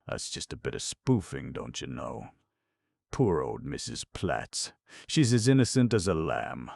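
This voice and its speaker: A man reading an audiobook, voicing a languid, foppish gentleman detective with an unemotional, mocking drawl. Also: extremely low pitch, sing-song, measured pace, vocal fry, dry recording, clean studio sound, heavily acted. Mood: drawling, amused.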